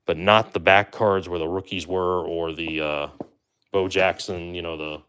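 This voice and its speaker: Low-voiced man hosting a casual livestream. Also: moderate pace, a little hiss or hum. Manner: chatty, relaxed, trails off with fillers and asides to chat. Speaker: livestream host opening baseball card boxes. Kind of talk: casual live-stream commentary.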